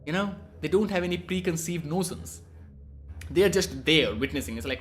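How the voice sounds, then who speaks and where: A man's voice: on the high side, lively intonation, normal speed, soft background music. Rambling profane young man. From India. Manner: rambling, profane, cheeky, restarts often. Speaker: vlogger. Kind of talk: casual rambling monologue.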